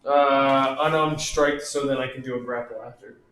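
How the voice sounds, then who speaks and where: A man playing in a tabletop game, excitable, swearing and laughing freely. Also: mid-range voice, normal speed, a crowd in the background. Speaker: player. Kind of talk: casual tabletop play. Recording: roomy recording with faint music.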